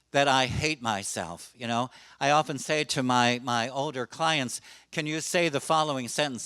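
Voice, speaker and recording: A man's voice: medium pitch, a bit bright, clean tone, no room sound. A middle-aged man presenting at a conference to a live audience, chatty and self-deprecating, with frequent fillers. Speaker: presenter on suicide prevention.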